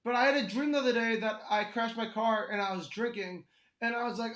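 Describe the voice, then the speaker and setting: A man, a comedian and guest, telling animated stories in casual podcast chat and laughing often. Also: very high-pitched, fast, reverberant.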